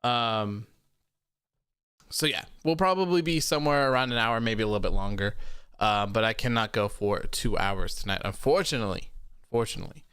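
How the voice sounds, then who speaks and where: A young man hosting a wrestling post-show livestream, chatting casually with a rambling, relaxed manner and reading out viewer comments. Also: lowish voice, fairly quick, clean tone, no echo, clean studio sound. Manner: rambling and relaxed, many fillers and repeats.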